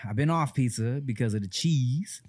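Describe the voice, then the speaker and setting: Male podcast host, relaxed banter, casual swearing, mid pitch. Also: normal speed. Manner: loose, joking, swears a lot. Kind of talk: casual chat.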